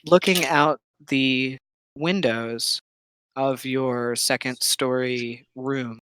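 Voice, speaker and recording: A game master narrating a tabletop game, setting eerie scenes slowly and with pauses. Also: medium pitch, fairly even intonation, fairly bright tone, clear, resonant tone, no echo, poor audio.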